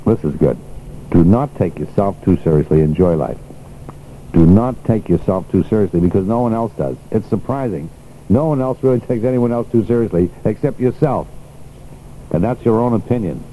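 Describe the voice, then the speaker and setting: A man's voice: lowish voice, mellow, a little hiss or hum, poor audio. An older man hosting a radio show in a casual, chatty way, laughing often and reading items aloud to the listeners. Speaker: radio host.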